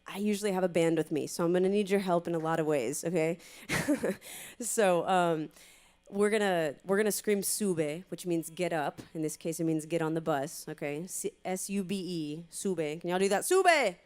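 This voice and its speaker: A woman's voice: fairly low pitch, normal speed, a little mellow. A woman singer speaking casually on stage to an audience, with many fillers, before performing a song. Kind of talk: spoken introduction to a live song.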